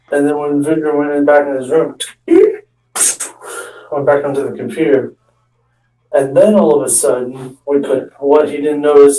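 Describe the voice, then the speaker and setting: A young stand-up comedian tells a rambling prank story, stopping and restarting often and acting out what people said. His slightly high voice is soft and mellow, caught from a distance in an echoey room.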